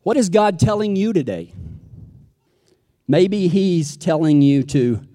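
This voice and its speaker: Speaking slowly and expressively, a high-voiced Texan with a dark tone delivers a storytelling sermon. He is folksy, acts out people's quotes, and echoes through a long hall reverb.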